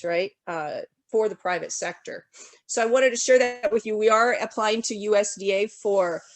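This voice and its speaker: A woman presenting at an online economic development summit, rushing through her points in a rapid auctioneer style while sick, upbeat and enthusiastic. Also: mid-range voice, creaky, dry recording. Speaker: regional development commission presenter.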